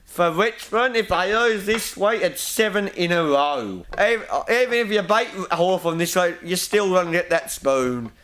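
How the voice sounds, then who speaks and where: A man's voice: high-pitched, lively intonation, a little slow, hardly any pauses, fairly bright tone. An Australian man hosting a homemade football show, rambling through his tips and rants with frequent restarts. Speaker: host of a local football show. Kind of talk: casual football tips segment.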